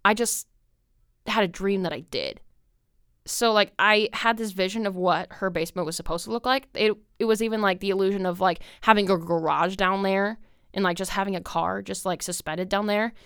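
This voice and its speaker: A woman's voice: mid-range voice, normal speed, fairly bright tone, clear, resonant tone, dry recording, studio quality. A young woman hosting a podcast, telling a long story in a rambling casual monologue, full of "like" and swearing. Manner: filler-heavy, swears a lot. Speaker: podcast host.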